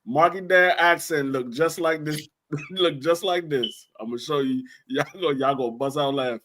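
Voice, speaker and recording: A man hosting a casual sports talk stream, joking through animated banter. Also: on the high side, normal speed, slight background noise.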